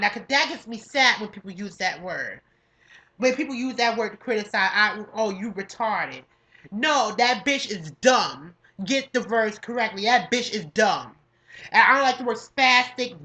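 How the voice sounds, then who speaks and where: Young woman, from New York State, podcast co-host, casual rant, profane and emphatic, fairly high, bright forceful voice. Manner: profane, emphatic, repetitive, slangy. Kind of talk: casual ranting monologue.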